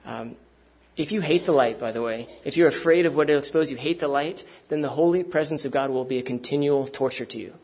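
Preacher, male, husky tone, conversational sermon delivery to a live congregation. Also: medium pitch, brisk, hardly any pauses, a little mellow.

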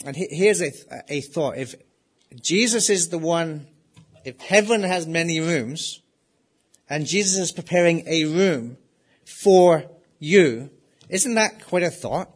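A man preaching a sermon in an earnest way, asking the listeners rhetorical questions and slowly repeating his key phrases. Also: a little high, lively intonation, husky.

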